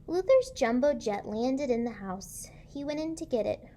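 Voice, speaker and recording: Gravelly-voiced teacher reading aloud. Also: female voice, sits high, expressive, normal speed, slight background noise. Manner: asks children questions, gentle and encouraging. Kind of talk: reading a picture book aloud to children.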